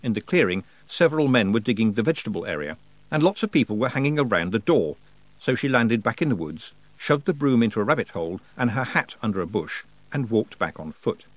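Expressive male audiobook narrator. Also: on the low side, no room sound, poor audio. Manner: expressive storytelling. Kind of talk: scripted narration.

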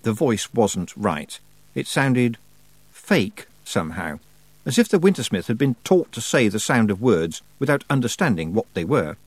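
A man narrating an audiobook with expressive storytelling and wry timing. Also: fairly low pitch, moderate pace, dry recording.

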